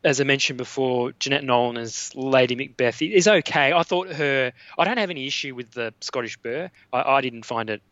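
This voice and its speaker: An Australian man with a bright, forceful voice talks about films in a halting, casual way, full of ums and restarts. The sound is dry and a bit dull. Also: medium pitch, no room sound. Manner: hesitant, many fillers and restarts. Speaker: guest. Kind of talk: casual film discussion.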